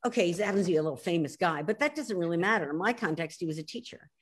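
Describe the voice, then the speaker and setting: A woman in her sixties from South Philadelphia, with a Philadelphia accent, talking as a guest author in an animated, emphatic way on a video call. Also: lowish voice. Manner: animated, emphatic, quick to laugh at herself. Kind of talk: casual interview chat.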